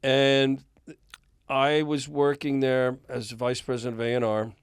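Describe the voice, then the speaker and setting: A man's voice: mid-range voice, unhurried, smooth, dry recording. An older man, a record executive, telling a long anecdote as a guest in a podcast interview and chuckling often. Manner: animated storyteller, chuckles often.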